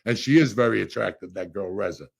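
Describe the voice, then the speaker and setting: A middle-aged man hosting a podcast, a loud, profane storyteller with a gravelly, husky voice. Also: lowish voice, fast talker. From Cuba. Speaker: podcast host.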